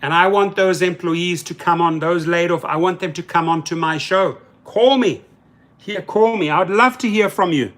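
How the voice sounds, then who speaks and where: A man's voice: high-pitched, fairly even intonation, normal speed, few pauses, a bit bright. A man hosting a live stream in casual talk, reading viewer comments aloud and speaking in heated, colloquial terms. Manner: heated, mocking.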